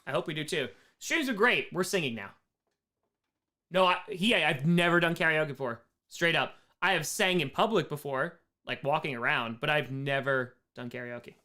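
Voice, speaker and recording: A man with a strained, hoarse voice, reading viewer questions aloud and joking at his own expense in a casual livestream Q&A. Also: a little high, moderate pace. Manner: animated, reads chat aloud, self-mocking jokes. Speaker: streamer answering viewer questions.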